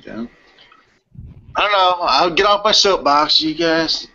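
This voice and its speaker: A man from Florida ranting in a casual panel chat, animated and slangy. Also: fairly high pitch, measured pace. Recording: dull lo-fi stream audio.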